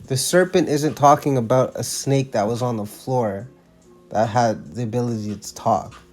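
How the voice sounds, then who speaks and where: A man's voice: medium pitch, normal speed, darkish tone, faint music behind. A man giving casual religious commentary, emphatic and slangy, often restarting his sentences.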